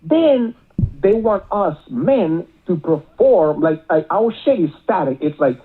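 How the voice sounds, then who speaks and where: A man's voice: high voice, sing-song, slow, slightly rough. A male caller, rambling with many filler words, heard over a phone line. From Miami area.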